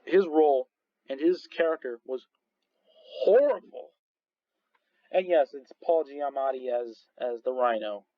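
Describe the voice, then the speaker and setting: A man's voice: mid-range voice, measured pace, pauses often, no echo, lo-fi sound. A man reviewing movies in casual chat, rambling with many restarts and frequent laughs. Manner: rambling, full of restarts and fillers, laughs often.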